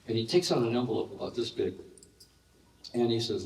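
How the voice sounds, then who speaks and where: Older man, animated storyteller, live Q&A guest, roomy hall sound, distant pickup. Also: on the low side, moderate pace, pauses often. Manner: animated anecdotes with laughter. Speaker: interview guest. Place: large hall with live audience.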